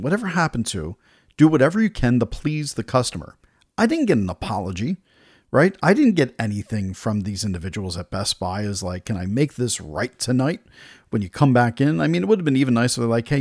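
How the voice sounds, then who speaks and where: Male podcast host, gravelly, lively delivery, dry close sound, exasperated storyteller. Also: mid-range voice, a little fast, no echo. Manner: exasperated, retells dialogue in other voices. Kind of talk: casual storytelling rant.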